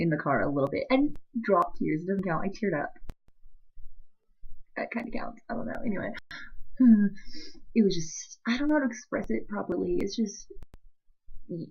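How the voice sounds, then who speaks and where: Young woman vlogging all teary, rambly and halting, kinda husky, muffled lo-fi sound. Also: medium pitch, darkish tone. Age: young adult. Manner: rambling, halting, laughing through tears. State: teary, emotional. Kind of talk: emotional vlog confession.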